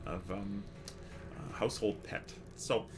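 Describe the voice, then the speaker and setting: A man's voice: on the low side, steady tone, a little slow, noisy background. Rambling man chatting on a game stream. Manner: rambling, hesitant, many restarts; chatty with viewers, reads chat aloud. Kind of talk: casual live-stream chat.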